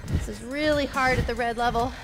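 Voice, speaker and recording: A woman's voice: a little high, steady tone, fairly quick. A woman leading a follow-along workout, coaching with upbeat encouragement while getting out of breath. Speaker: fitness instructor. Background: workout music.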